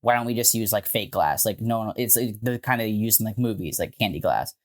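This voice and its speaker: A man co-hosting a podcast, telling a story in a casual, animated way with frequent swearing and filler words. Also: fairly low pitch, a little fast. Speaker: podcast co-host.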